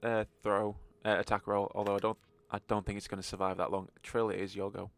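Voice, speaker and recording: A man's voice: lowish voice, flat delivery, quick pace. A man narrating a tabletop game as game master, in a wry, joking manner.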